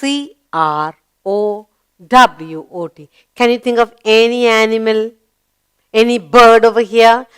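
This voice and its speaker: A woman's voice: fairly high pitch, slow, a bit bright, clean tone. A woman with an Indian English accent teaching a children's spelling lesson, spelling out words letter by letter and coaxing the kids with questions.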